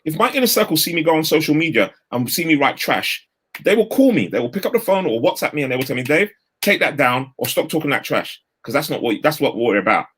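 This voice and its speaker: A man, giving an energetic, straight-talking motivational talk over a video call. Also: on the high side, quick pace, slight background noise. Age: 50s. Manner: energetic, straight-talking, uses London street slang. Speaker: guest speaker.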